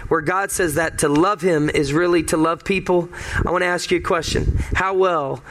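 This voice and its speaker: A man's voice: fairly high pitch, fairly even intonation, normal speed, fairly bright tone, a little hiss or hum. A male pastor giving a conversational sermon, emphatic and fond of repeating key phrases.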